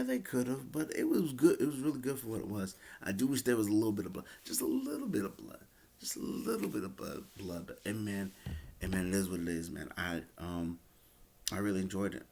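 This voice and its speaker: A man's voice: low voice, vocal fry, darkish tone, husky. A man giving a casual, rambling review of a wrestling event, with many fillers and restarts.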